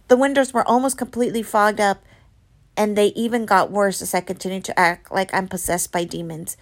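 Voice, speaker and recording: A woman reading a novel aloud, with dramatic storytelling that turns soft and hushed in quiet passages. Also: medium pitch, fairly even intonation, fairly quick. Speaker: reader.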